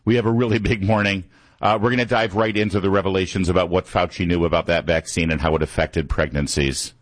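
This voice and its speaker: A man's voice: sits low, steady tone, fast talker, no echo. A man in his fifties hosting a morning radio talk show from a studio, rambling and casual, with lots of fillers and restarts. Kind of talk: conversational radio monologue. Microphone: studio microphone.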